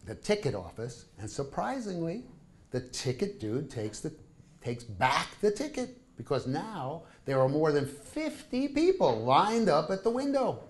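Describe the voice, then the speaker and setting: A man's voice: fairly high pitch, very animated, measured pace. A man reading his own travel stories aloud to a live audience, wry and full of comic asides. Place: small live performance venue.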